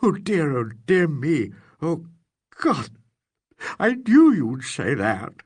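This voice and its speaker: A man reading an audiobook, voicing a frightened, furtive suspect who pleads and protests in a husky voice. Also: medium pitch, big pitch swings, moderate pace, a bit bright. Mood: distraught. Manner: pleading, tearful, indignant outbursts.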